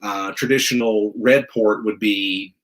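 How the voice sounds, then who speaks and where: A man's voice: lowish voice, steady tone, unhurried, fairly bright tone. A man from the American South hosting a casual wine show, explaining with rambling restarts and jokey asides.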